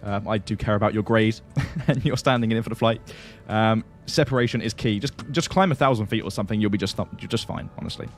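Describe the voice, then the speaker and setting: A man's voice: on the low side, quick pace, few pauses, soft background music. A man hosting a flight simulator livestream, chatting casually, answering viewers and laughing often.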